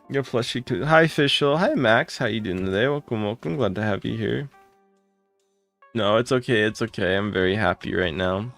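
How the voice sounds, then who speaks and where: A man with a gravelly, creaky voice chats casually on a live game stream. He greets viewers one by one and gushes with thanks. Faint music plays behind him. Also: lowish voice, normal speed. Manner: greets viewers by name, excitable and gushing.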